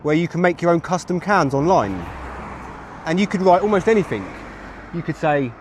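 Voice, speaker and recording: An English streamer in his thirties broadcasts live from a street, the sound of traffic behind him, rambling chattily to his chat on a phone mic. His voice is a little high and his delivery brisk.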